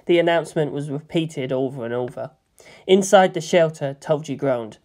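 A man narrating a fan fiction story in a steady, measured reading. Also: fairly high pitch. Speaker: fanfiction reader. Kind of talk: scripted narration.

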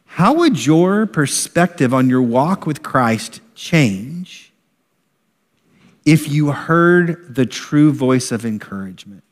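A middle-aged man preaching a sermon as pastor, animated and acting out voices of a parent. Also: fairly high pitch, takes it slowly. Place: church sanctuary. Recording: long reverb of a large hall.

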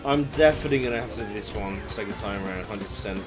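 A man giving excitable, swear-heavy let's play commentary, yelling at the game as he plays. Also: on the low side, racing. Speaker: gaming YouTuber. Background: game music.

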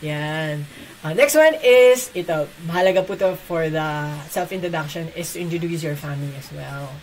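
A woman's voice: sits low, a little hiss or hum, poor audio. A Filipino woman teaching Korean in a casual online class, switching between Tagalog and English with playful laughter. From Philippines. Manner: fast, playful, laughs often.

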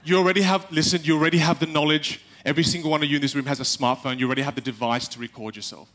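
Young man, fairly high voice, lively stage talk, talks right to the crowd. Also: racing. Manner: animated, acts out quotes, addresses the audience directly. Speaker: speaker giving a stage talk. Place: stage in a large hall with a live audience.

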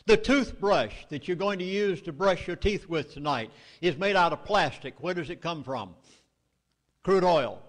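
A man's voice: sits high, in a large hall. A middle-aged man with a Southern US accent gives a public speech at a meeting, delivering urgent, emphatic warnings. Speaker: speaker addressing a meeting.

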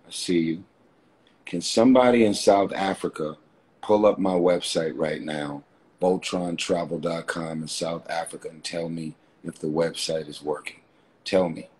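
Deep-voiced man livestreaming fervently. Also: steady tone, moderate pace, darkish tone. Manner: fervent, repetitive, addresses viewers directly. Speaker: livestream host. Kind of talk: casual livestream talk. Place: hotel room. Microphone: phone.

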